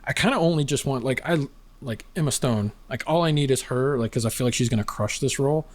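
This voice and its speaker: A man's voice: mid-range voice, quick pace, darkish tone. A man co-hosting a casual chat, talking eagerly and hedging with many fillers. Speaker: co-host.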